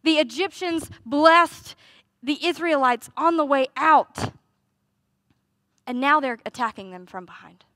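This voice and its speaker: A woman delivers a sermon in a high, bright voice. She talks conversationally, with rhetorical questions and lively asides. The sound is close and dry. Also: unhurried, no room sound. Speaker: preacher.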